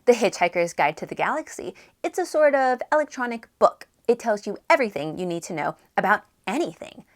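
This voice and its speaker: A woman reading as a brisk, unflappable alien man. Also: mid-range voice, big pitch swings. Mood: matter-of-fact. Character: unflappable alien man, matter-of-fact guide.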